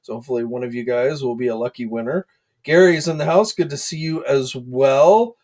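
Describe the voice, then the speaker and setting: A man hosting a casual livestream, chatting in a relaxed way with plenty of "um"s and "uh"s and greeting viewers by name. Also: medium pitch, brisk. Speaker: host of an action figure news livestream. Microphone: desk microphone.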